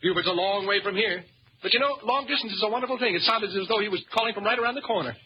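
A man's voice: high-pitched, very fast, natural voice. An actor playing a nervous, bumbling ladies' man in a 1940s radio comedy, stammering and sly. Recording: dull, noisy old radio recording.

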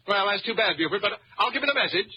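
A man's voice: high-pitched, expressive, quick pace, bright, forceful tone, heavily acted. An actor playing a nervous, stammering young ladies' man, in 1940s radio comedy style. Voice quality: stammering, jittery. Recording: muffled old radio recording, faint hiss.

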